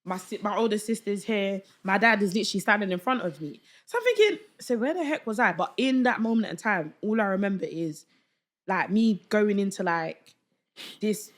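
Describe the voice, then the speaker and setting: Animated young woman telling a story. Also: mid-range voice, normal speed. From London. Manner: animated, acts out quoted voices, slangy. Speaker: podcast guest. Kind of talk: casual storytelling chat.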